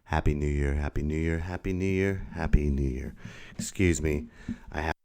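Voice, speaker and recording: A male stand-up comedian hosts his own podcast, delivering a casual solo monologue that's playful, rambling, and self-mocking. His voice is extremely low and darkish, at normal speed. He's using a new microphone that pops on p sounds.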